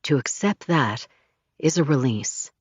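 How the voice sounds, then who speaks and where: A woman voicing a therapist who speaks calmly and in a measured way, on a slightly dull recording. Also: medium pitch, slightly rough, no echo, pitched below the performer's own voice.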